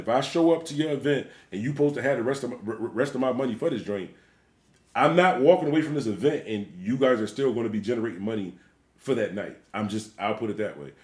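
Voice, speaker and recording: A man who is a DJ, hosting a livestream and ranting bluntly with plenty of profanity. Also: mid-range voice. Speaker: DJ and livestream host. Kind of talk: livestream rant. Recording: roomy echo.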